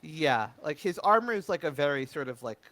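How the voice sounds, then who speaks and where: Bright, forceful-voiced male game master, narrating a tabletop game hesitantly. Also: on the high side, lively intonation, a little fast, no echo. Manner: hesitant, lots of fillers and restarts.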